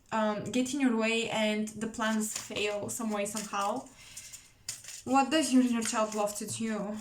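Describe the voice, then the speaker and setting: A woman doing an intuitive tarot reading to camera, musing and searching for words with many pauses. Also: fairly high pitch, echoey room, slight background noise. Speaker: tarot reader.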